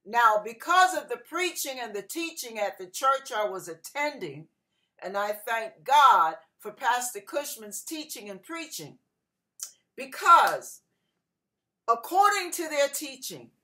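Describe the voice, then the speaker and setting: Unhurried and fairly high in pitch, a middle-aged female pastor shares a personal story in her sermon. She tells it with animation, performing the voices of the people involved.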